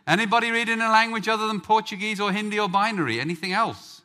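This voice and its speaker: A man's voice: high voice, quick pace, bright, forceful tone. A man from England preaching a sermon, joking with the congregation before telling a story. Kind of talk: sermon with audience banter.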